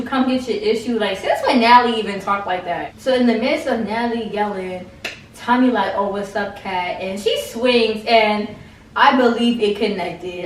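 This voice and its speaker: A woman's voice: medium pitch, recorded from a distance. A woman talks through a reality TV reunion in a loose, gossipy way, dropping "like" everywhere and tossing in mocking asides. She sits back from the mic in a room that rings with echo. A faint layer of noise runs behind her. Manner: slangy, chatty, fillers of "like", mocking asides. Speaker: reality TV recap host. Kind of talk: casual recap chat.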